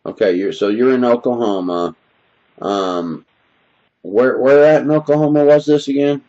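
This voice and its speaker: A man's voice: medium pitch, normal speed, mellow. A man hosting a casual interview, laughing easily and asking short follow-up questions. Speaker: host. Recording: slightly dull lo-fi audio.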